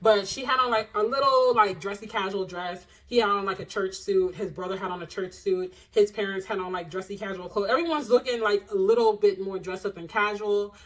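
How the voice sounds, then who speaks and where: A young adult woman telling a personal story to her viewers in a casual vlog, animated and expressive, full of slang and asides to the audience. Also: mid-range voice, brisk, few pauses, rough recording.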